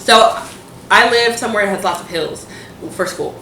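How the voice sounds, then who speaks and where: A woman's voice: medium pitch, normal speed, echoey room, noisy background. A young woman casually telling a college storytime, laughing and mimicking the people she quotes. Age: young adult. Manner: laughing animated retelling with quoted voices. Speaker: storytime vlogger.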